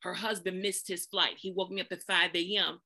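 A woman sharing a casual spoken testimony. She tells a lively story, acts out other people's voices with big pitch jumps and often speaks straight to her listeners. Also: moderate pace. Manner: folksy, addresses listeners as "y'all".

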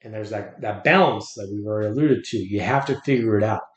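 A man's voice: on the low side, fast. A man talking as a podcast guest, earnest and reflective, often restarting his words. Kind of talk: casual conversation. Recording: roomy echo.

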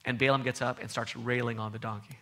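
A man preaching a sermon with emphatic repetition, his voice swinging from loud outbursts to soft low passages. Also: level tone, fast talker. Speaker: pastor.

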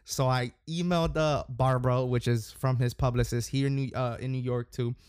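A man's voice: medium pitch, steady tone, normal speed, darkish tone, clear, resonant tone, no echo, studio quality. A man hosting a podcast, talking casually and rambling, with lots of fillers and restarts. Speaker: podcast host.

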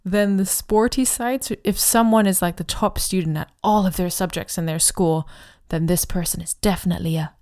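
Woman, podcast language teacher, friendly, explanatory, models phrases slowly. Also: on the low side, a little mellow. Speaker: co-host and Chinese teacher.

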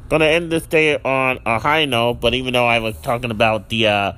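A man hosting a casual solo podcast, rambling with many fillers and restarts, lively and quick to laugh. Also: medium pitch, clear, resonant tone. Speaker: podcast host.

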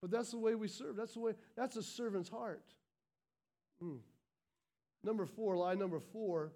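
A man's voice: high voice, normal speed, mellow. A male pastor delivering a sermon, emphatic and repetitive, often restarting his sentences.

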